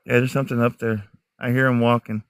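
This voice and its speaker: A man's voice: mid-range voice, little pitch movement, quick pace, smooth, no room sound. A middle-aged man with a mixed Midwestern, Southern and Northern American accent, chatting casually to livestream viewers outdoors in the woods and laughing often. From United States, raised in many states. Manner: chatty, talks straight to viewers, laughs a lot. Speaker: livestream host.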